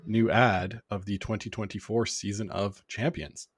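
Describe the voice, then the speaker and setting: Stuffed-up man with a low voice. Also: normal speed, slightly rough, dry recording, studio quality. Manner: relaxed, hesitant, with filler "uh"s. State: stuffed up with a cold. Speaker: podcast co-host. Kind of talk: casual podcast chat.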